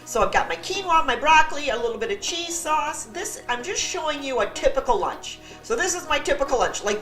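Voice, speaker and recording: A woman's voice: a little high, fairly bright tone. A middle-aged woman hosting a casual cooking vlog, chatty and joking at her own expense. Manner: chatty, joking, self-deprecating. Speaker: vlog host.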